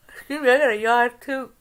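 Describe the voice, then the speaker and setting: An older woman hosts a casual live-stream chat. She teases her viewers, laughs often and reads a recipe aloud haltingly. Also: high-pitched. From Canada.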